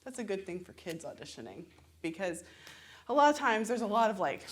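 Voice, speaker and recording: A woman's voice: fairly low pitch, very animated, quick pace, slightly rough. Southern lady voice teacher, chatty and laughy, acts out little examples as she explains. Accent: Southern American. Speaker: voice and musical theatre instructor. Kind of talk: conversational teaching.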